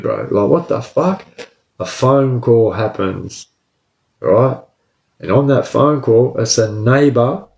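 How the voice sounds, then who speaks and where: A man telling a story from his own life, casual and profane, tagging lines with "bro" and "right?". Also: medium pitch. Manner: profane, animated, says "bro" and "right?" constantly. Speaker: storyteller recounting his prison escape. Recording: roomy echo.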